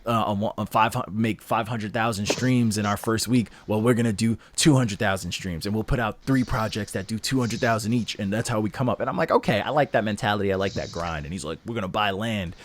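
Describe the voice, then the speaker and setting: A man's voice: on the low side, background noise. A young man co-hosting a casual music review podcast, ranting animatedly and swearing a lot. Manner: animated, profane, quick rants. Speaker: podcast co-host reviewing albums. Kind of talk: casual chat.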